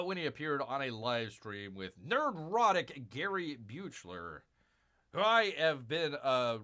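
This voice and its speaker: A man's voice: medium pitch, bright, forceful tone. A man hosting a live stream, reading news aloud and breaking off into sarcastic, mocking asides, rambling with many fillers. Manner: rambling with frequent fillers and restarts.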